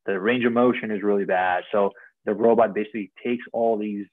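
A man's voice: fairly low pitch, fairly even intonation, fairly quick, no room sound. Casting note: a man as a surgeon walking through slides, earnest and precise, heard over a dry, tinny call line. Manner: earnest, technical, repeats numbers and words. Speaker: orthopedic surgeon. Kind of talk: explaining surgery over slides in a live stream.

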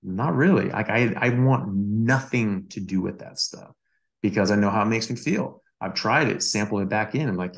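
A doctor co-hosting a podcast in Australia tells a personal story in casual conversation, full of fillers and restarts. He speaks at a normal speed in a lowish voice with vocal fry.

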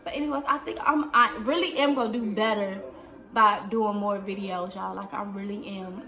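Seorang wanita berusia dua puluhan menjawab pertanyaan penonton dengan santai di rumah, sering memakai "like" dan "um". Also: female voice, medium pitch, fairly even intonation, moderate pace, sharp tone. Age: 20s. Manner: chatty, fills with "like" and "um". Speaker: vlogger. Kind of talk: casual Q&A vlog. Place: indoors at home.

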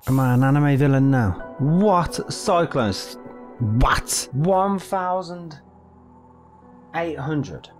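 A man giving foul-mouthed, excitable let's-play commentary over a video game. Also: on the high side, drawn-out words. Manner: profane, excitable reactions. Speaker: gaming YouTuber. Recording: game music playing loudly underneath.

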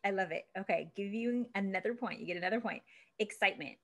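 A woman's voice: medium pitch, fast talker. A woman relationship expert hosting an interview, upbeat and encouraging, laughing often with her guest.

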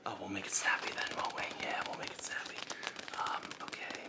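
Man, whispered role-play, nervous, stammering, frantic hissing, mostly whispering. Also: brisk. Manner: frantic, nervous whispering that breaks into loud hissed commands; flustered, stammering, repeats himself. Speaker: ASMR creator.

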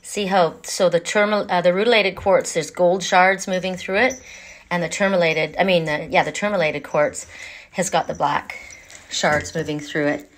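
A woman's voice: steady tone, normal speed. A woman reading oracle cards, chatting casually and rambling at home, sometimes losing her train of thought. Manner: coos in a high baby voice to her pet. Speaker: oracle card reader. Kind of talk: casual chat to camera.

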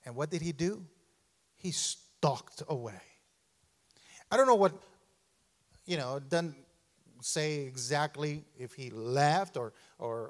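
A man preaching a sermon in a church, animated and calling out to the congregation, often repeating himself. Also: a little high. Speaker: pastor. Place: church sanctuary.

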